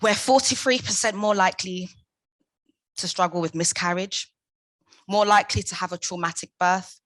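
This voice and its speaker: A young woman speaks at a conference in a low, forceful voice, pressing her points with passion and emphasis. The sound is close and dry, with no room around it. Her questions land hard and rhetorical. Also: steady tone, moderate pace, no room sound. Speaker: conference speaker, founder of a maternal support group. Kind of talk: prepared conference talk.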